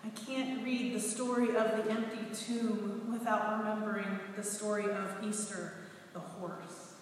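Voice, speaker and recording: A woman in her forties, a pastor reading scripture and then telling a story in a sermon, animated and expressive. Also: medium pitch, a little slow, a little hiss or hum. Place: church sanctuary. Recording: echoey hall, heard from a distance.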